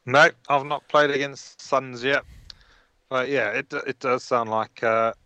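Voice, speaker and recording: A man on a podcast with a bright, clear voice. He is easygoing and chimes in with short remarks and agreement. The sound is dry. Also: medium pitch, fairly even intonation, a little slow, no room sound. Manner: brief agreeing interjections, easygoing. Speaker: podcast co-host. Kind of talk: casual chat.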